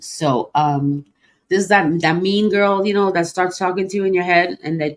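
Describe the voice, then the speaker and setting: A woman's voice: lowish voice, normal speed. A middle-aged woman hosting a livestream podcast, talking openly and emotionally, with many fillers and restarts. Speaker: podcast host. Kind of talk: personal livestream talk.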